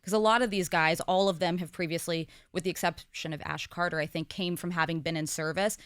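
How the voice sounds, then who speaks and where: A woman's voice: fairly low pitch, fairly even intonation, fairly quick, a bit bright, clean tone, dry recording, studio quality. A woman in her thirties, a talk show co-host speaking candidly in a casual podcast conversation, with frequent fillers. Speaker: co-host and guest.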